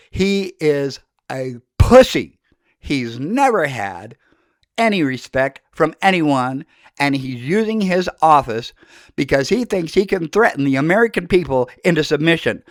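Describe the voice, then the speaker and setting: An older man delivers a fiery, accusatory monologue as a podcast host, his voice sitting a little high for a man. The sound is dry and close, with no room around it. He hammers each line as if calling someone out. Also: no room sound. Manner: fiery, accusatory, shouting into speeches. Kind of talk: impassioned political monologue.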